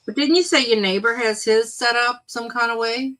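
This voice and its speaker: A woman's voice: fairly high pitch, moderate pace, a bit bright, rough recording. A middle-aged woman co-hosting a casual live-stream chat, chiming in often and telling short anecdotes. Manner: supportive, chimes in often. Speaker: co-host.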